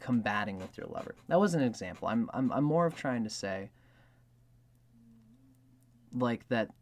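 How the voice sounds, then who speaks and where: A man's voice: medium pitch, lively intonation, normal speed, a little mellow. A man hosting an astrology video, talking in a casual, rambling way with many filler words and acting out quoted lines. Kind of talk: casual explanatory monologue.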